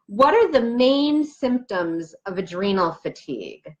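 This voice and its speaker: A woman's voice: mid-range voice, sing-song, a little slow. A woman naturopathic doctor giving an explanatory health talk to camera, chatty and emphatic, working through questions from her notes.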